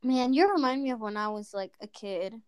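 A woman's voice: on the high side, lively intonation, fairly quick, over a noisy crowd. A woman in her twenties, a guest in a casual group chat, speaking candidly and playfully. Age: 20s. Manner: candid, playful, laughs easily.

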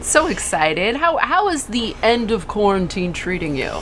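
A woman's voice: medium pitch, big pitch swings, unhurried, a bit bright, a little hiss or hum. A woman hosting a casual podcast, bubbly and upbeat. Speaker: podcast host.

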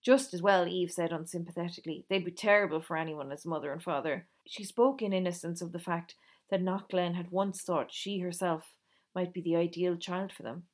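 A woman reading a novel aloud, gently voicing the characters in dialogue. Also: on the low side, steady tone, fairly quick. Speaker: reader.

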